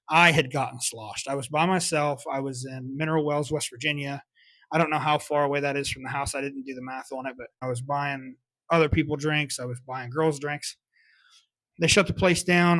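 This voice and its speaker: A man's voice: a little high, fairly bright tone, no echo. A young man, hosting a podcast and candidly telling a personal story, swearing often and reflecting on his choices. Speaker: podcast host. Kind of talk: confessional solo storytelling.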